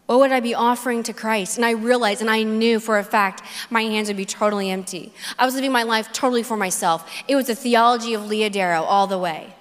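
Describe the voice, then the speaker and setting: A woman's voice: fairly high pitch, fairly even intonation, a little fast, hardly any pauses. A woman giving a personal faith testimony at a conference, telling her story earnestly, with repeated phrases and quoted dialogue acted out. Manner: acts out dialogue in quoted voices. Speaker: conference speaker. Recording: long hall reverb.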